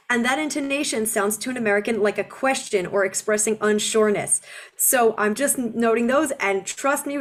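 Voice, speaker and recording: A woman in her forties, an accent reduction coach, giving a webinar presentation and slowing down to model pronunciation. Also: fairly high pitch. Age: 40s. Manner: explanatory, slows down to model pronunciation.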